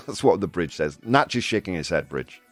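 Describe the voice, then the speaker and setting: Jokey, lively-voiced male stream host. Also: low-pitched, normal speed, soft background music. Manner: jokey and chatty, laughs often. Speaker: show host. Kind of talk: casual live-streamed news chat.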